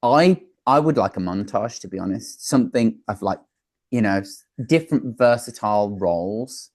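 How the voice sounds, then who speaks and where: A man's voice: on the low side, moderate pace, a little mellow, dry recording, clean studio sound. A man, a talent manager and producer, answering interview questions in an earnest, advisory way with frequent fillers and restarts.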